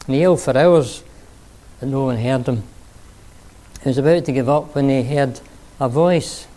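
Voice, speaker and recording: A male preacher delivers a sermon in an earnest, storytelling manner. His voice is mellow and dark. He pauses now and then to rephrase. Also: medium pitch.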